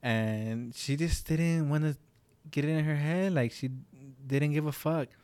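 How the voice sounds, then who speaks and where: A man's voice: fairly high pitch, measured pace, darkish tone, smooth, dry recording. A young man, a podcast co-host, telling a work story in casual chat, rambling with lots of "like" and swearing. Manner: rambling, heavy use of "like", swears.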